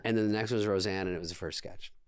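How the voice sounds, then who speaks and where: Male podcast guest, low-ish pitch, deadpan storyteller, dead-dry studio sound. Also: rapid-fire, clean tone, no echo. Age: 20s. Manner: dry, deadpan anecdotes with quoted dialogue. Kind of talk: casual storytelling chat.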